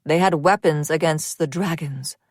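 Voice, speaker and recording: A woman narrating a dark fantasy audiobook in a measured way, often sinking to near whispers. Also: low voice, no echo, studio quality.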